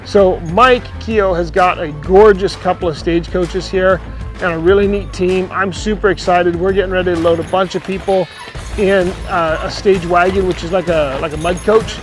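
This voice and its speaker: A man's voice: high-pitched, steady tone, normal speed, faint music behind. A man teaching horsemanship as a clinician, talking plainly, repeating phrases and voicing what the horse thinks. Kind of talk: outdoor teaching monologue.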